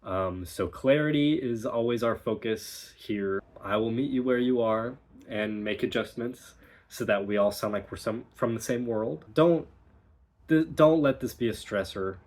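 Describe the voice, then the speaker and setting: A man's voice: medium pitch, a little slow, darkish tone. A young man teaching pronunciation as a dialect coach, explaining patiently and encouragingly. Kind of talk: recorded pronunciation lesson.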